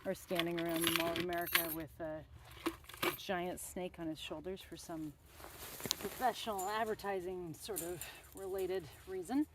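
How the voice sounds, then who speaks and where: A woman's voice: on the low side, fairly even intonation, normal speed, heavy background noise. A young woman telling rambling stories in a casual, chatty way while working on a fence outdoors. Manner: rambling, chatty, with many fillers and asides.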